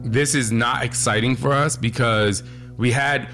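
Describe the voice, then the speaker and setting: Brief: easygoing man, medium pitch, relaxed and wry. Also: measured pace, faint music behind. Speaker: interview guest. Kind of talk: casual conversation.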